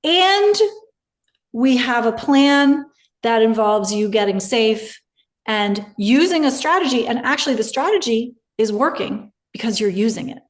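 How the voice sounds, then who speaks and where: A woman's voice: fairly high pitch, expressive, unhurried. A woman hosting a podcast interview, thoughtful and explanatory as she reframes ideas. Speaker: podcast host. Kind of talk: conversational interview.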